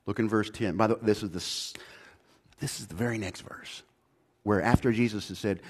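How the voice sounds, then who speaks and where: A man delivers a sermon as a pastor, shifting from quiet, low-pitched reflection to loud, high-pitched exhortation. He talks briskly, using casual slang and restarting his sentences again and again.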